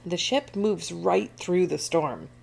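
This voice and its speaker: A woman reads a picture book aloud to children, expressive and animated. Her voice sits low with a touch of vocal fry. She takes her time and swings her pitch widely. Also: slow. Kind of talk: storybook read-aloud.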